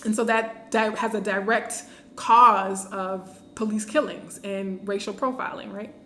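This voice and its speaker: A woman hosting a live-streamed talk, animated, laughing often and reading viewer comments aloud. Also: medium pitch, a little slow, roomy sound. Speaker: host.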